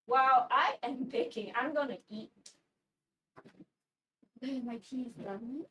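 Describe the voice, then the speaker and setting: In this casual baking livestream from a home kitchen, a woman chats and rambles, cursing freely. She talks at a slow pace in a voice that sits high. The recording comes from a distant mic with faint background noise.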